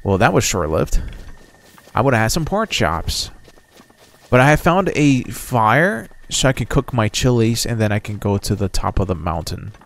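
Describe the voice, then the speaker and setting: A young man giving casual, excitable gameplay commentary as a streamer, chatty and slangy, reading game text aloud. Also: on the low side, moderate pace, slight background noise. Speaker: gaming streamer.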